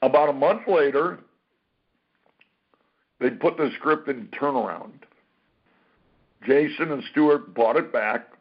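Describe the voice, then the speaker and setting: A man telling a career story as an interview guest, animated, acting out what people said and swearing freely. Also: medium pitch, slightly rough. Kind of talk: casual anecdote-telling. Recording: dull lo-fi recording.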